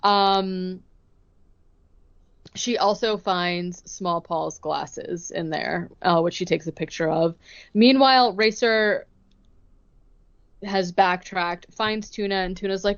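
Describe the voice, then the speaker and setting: A woman co-hosting a podcast, recapping a movie plot in a casual, chatty way and acting out the characters' lines in quick bursts. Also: mid-range voice, muffled recording. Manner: chatty, retells scenes with quick acted-out quotes. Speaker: podcast co-host.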